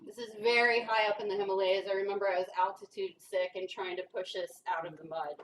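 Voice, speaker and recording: This woman from rural Kentucky is a guest speaker at an indoor brewery event room, delivering a humorous talk full of self-deprecating stories. She speaks fast in a mid-range voice with fairly even intonation. Faint noise comes through the distant mic.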